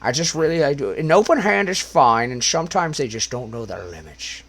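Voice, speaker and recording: A man doing a mock-serious impression of a gruff older male film star. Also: mid-range voice, sing-song, fairly quick, fairly bright tone, pitched above the performer's own voice.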